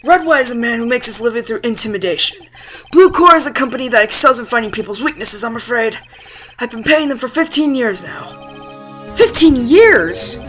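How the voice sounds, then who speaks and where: A worried, fatherly old lawyer with a Southern US drawl, put on by a woman speaks in courtly, old-fashioned phrases. The voice stays high and animated, with a bright ring. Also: moderate pace, soft background music. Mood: troubled. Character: older male lawyer, fretful and fatherly.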